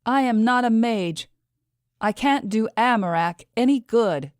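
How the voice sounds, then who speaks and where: A woman's voice: a little high, animated, unhurried, dry recording, studio quality, voice pushed up. A woman voicing a fierce but grieving young mage woman in an audiobook. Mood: defiant. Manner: pleading, raised voice.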